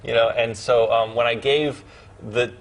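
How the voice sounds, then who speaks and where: A man in his thirties chatting as a guest in a TV studio, with lots of restarts and quick laughs. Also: mid-range voice, steady tone. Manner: halting, many restarts, laughs easily. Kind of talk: chatty TV interview. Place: TV studio sofa.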